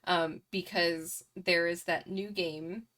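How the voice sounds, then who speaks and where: Bright-voiced easygoing woman podcaster. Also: fairly low pitch, steady tone, takes it slowly. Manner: easygoing, short agreeing replies. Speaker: podcast co-host. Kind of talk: casual chat.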